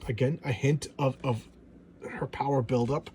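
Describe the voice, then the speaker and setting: A middle-aged man with a mid-range, steady, warm voice chats casually about an old comic while paging through it, speaking at normal speed. He's an eager, gushing comic book reviewer who often stammers and repeats words. There's slight background noise.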